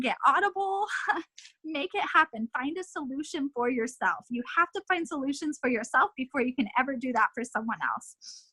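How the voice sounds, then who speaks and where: A woman's voice: high voice, pushed and bright, no room sound, poor audio. A woman team leader giving an emotional, impassioned motivational pep talk over a video call, repeating her points for emphasis. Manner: emotional, impassioned, repetitive exhortations.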